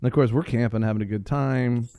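A man on a talk radio show telling a funny story in a casual, animated way, laughing often and repeating phrases for emphasis. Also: medium pitch, fast talker, no room sound, studio quality.

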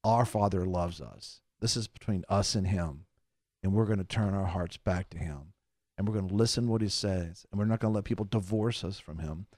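Earnest low-voiced radio preacher man. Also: fairly quick, darkish tone, no room sound, studio quality. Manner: earnest, plain-spoken, conversational. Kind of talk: sermon commentary and radio announcements.

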